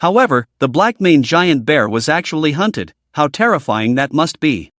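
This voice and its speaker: Man narrating a story recap; somewhat high, animated pitch, dry booth sound. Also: moderate pace, no echo.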